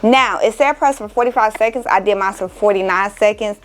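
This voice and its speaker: A woman's voice: medium pitch, fairly quick, rough recording. A young woman from Miami, a crafting vlogger, chatting casually and emotionally to her viewers, exclaiming often and calling them y'all.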